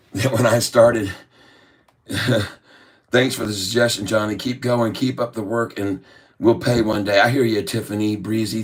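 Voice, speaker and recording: A man hosting a stock trading livestream, chatting casually and reading viewer comments in a drawling, jokey way. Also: medium pitch. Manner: drawling and jokey, chuckling between remarks; slow, drawn-out delivery when explaining trades.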